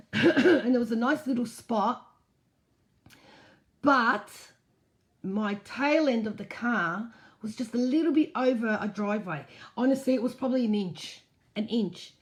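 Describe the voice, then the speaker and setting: A woman hosting a casual live stream, reading out viewer comments and answering them frankly. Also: mid-range voice. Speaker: host.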